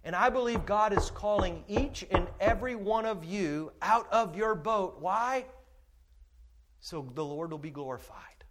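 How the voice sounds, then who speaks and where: A male pastor with a notably high voice delivers a sermon. He is emphatic, driving lines up to a shout and then dropping to quiet, intimate asides. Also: a little slow, noisy background.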